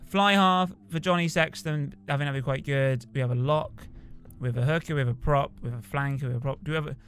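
A young man chatting casually and excitably as he plays a rugby video game. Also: mid-range voice, fast talker, soft background music. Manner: chatty, excitable, cheers on his team. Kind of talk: casual gameplay commentary.

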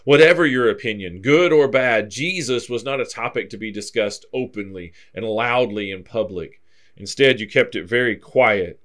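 A man's voice: mid-range voice, moderate pace. Man teaching a verse-by-verse Bible class. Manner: explanatory, steady, reads scripture aloud then comments.

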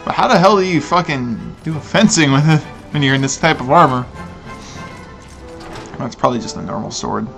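A man's voice: medium pitch, lively intonation, moderate pace, vocal fry, long pauses, a bit bright, soft background music. A young man giving crude, jokey let's play commentary, laughing often. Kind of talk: casual gameplay commentary.

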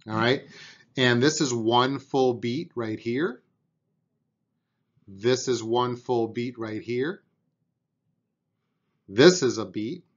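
A man's voice: mid-range voice, lo-fi sound. A man teaching a beginner drum lesson, patiently explaining and counting out beats aloud, with an encouraging manner.

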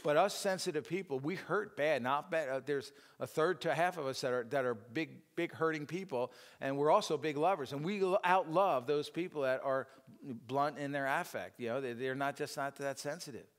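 A man's voice: on the high side, moderate pace. Rambling man teaching in a reverberant church hall. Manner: rambling, self-deprecating, frequent fillers and restarts. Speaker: speaker at a church teaching session. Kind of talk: informal church teaching talk.

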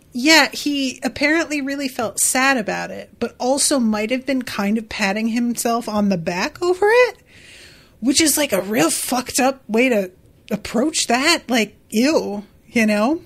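A woman's voice: fairly high pitch, a bit bright. A woman hosting a casual book podcast who gushes, giggles and swears casually. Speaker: podcast host.

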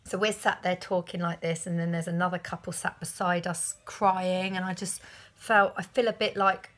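A woman's voice: fairly low pitch, little pitch movement, moderate pace, fairly bright tone. A woman in her thirties talking candidly to camera in a personal vlog, rambling and retelling conversations. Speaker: vlogger.

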